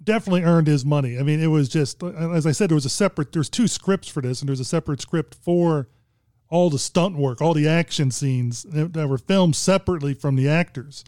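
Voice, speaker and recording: Casting note: man, slightly high voice, dry sound, rambling and chuckling, leads the group. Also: brisk, warm tone, no room sound. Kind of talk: casual movie discussion.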